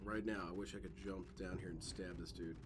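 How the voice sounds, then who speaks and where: A man's voice: deep voice, steady tone, brisk, noisy background. A man giving loose, joking commentary as he plays a stealth game, drifting into tangents. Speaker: let's play host. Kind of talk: gameplay commentary. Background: game music.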